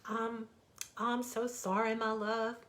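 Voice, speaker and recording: A woman voicing a proud, ashamed father rabbit in a storybook reading, speaking in a stubborn, halting way. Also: fairly high pitch, flat delivery, a bit bright.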